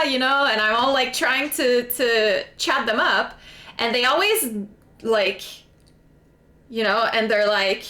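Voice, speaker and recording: Bright-voiced Québécoise streamer chatting slowly. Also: female voice, on the high side. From Quebec, Canada. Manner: chatty, animated, many fillers. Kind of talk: casual chat while gaming.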